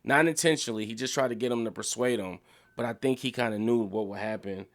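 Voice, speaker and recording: A young man casually reviewing a TV show, excited and profane, his pitch jumping up when he gets worked up. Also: quick pace.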